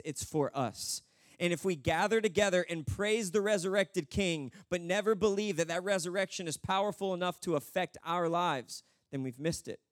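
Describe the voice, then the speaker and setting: Animated high-voiced preacher. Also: male voice, no room sound, clean studio sound. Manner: animated storytelling, acts out voices. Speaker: pastor. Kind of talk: sermon.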